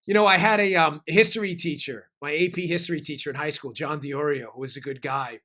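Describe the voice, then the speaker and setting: A man hosting a political show throws out emphatic, punchy lines. His voice sits high for a man. It has a bright, forceful edge. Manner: emphatic, fast-shifting, punchy delivery. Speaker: host. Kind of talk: political talk show commentary.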